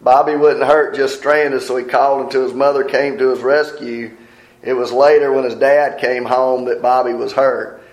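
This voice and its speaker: A man's voice: mid-range voice, flat delivery, moderate pace. A man preaching a sermon, often asking the congregation a question and then answering it himself. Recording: roomy echo.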